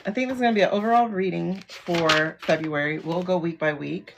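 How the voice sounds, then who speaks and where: A woman's voice: fairly low pitch, brisk, vocal fry, background noise. A middle-aged woman hosting a tarot livestream, talking casually and bluntly, swearing and laughing often. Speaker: livestream host doing tarot readings.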